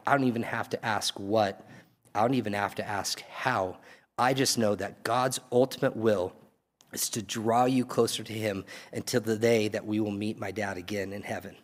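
A man preaching a sermon as pastor, earnest and pleading, building to emphatic peaks. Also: on the low side. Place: church hall. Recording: long reverb of a church hall.

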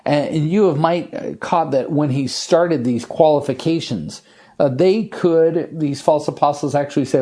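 Man, pastor, expository sermon, earnest and emphatic, warm mellow tone, slows for scripture. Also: on the high side. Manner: earnest, emphatic preaching with slowed, stressed scripture reading.

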